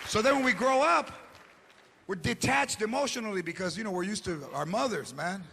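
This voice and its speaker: A high, gravelly-voiced man works a big theater crowd, shouting punchlines and slipping into Spanish while acting out his characters. The live room is full of audience laughter and steady crowd noise under his stage mic. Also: a little fast. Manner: mixes in Spanish phrases. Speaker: stand-up comedian. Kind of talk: stand-up comedy routine.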